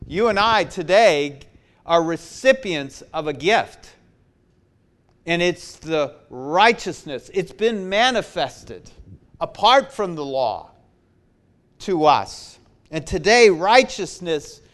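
A man preaching a sermon, slow and emphatic, repeating his key phrases. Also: sits high, a bit bright.

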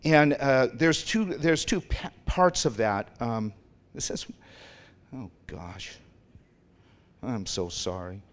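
A man's voice: medium pitch, takes it slowly, long pauses. A man pastor preaching a sermon in a church in a loose, conversational way, stopping to question the congregation and laughing at himself. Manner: conversational, rambling, self-deprecating, quizzes the congregation. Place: church sanctuary.

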